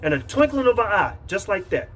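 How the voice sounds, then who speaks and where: A man's voice: sits high, sing-song, fairly quick, a bit bright, a little hiss or hum. A man preaching a sermon, reading Bible verses aloud and repeating them, with many fillers and emphatic lists. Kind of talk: street-camp sermon, reading scripture aloud.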